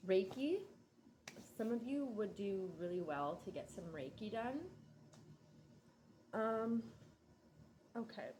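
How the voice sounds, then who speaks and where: A woman's voice: medium pitch, lively intonation, a little mellow, a little hiss or hum. A woman giving a casual tarot reading, musing and hesitant, drowsy and yawning. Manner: slow, musing, hesitant with many ums and likes. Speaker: tarot reader.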